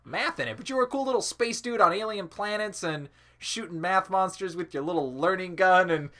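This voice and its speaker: A man's voice: high voice, brisk, pushed and bright. A man chatting casually while playing a video game, rambling and swearing, with laughing asides. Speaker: let's play commentator. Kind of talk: casual gaming chat.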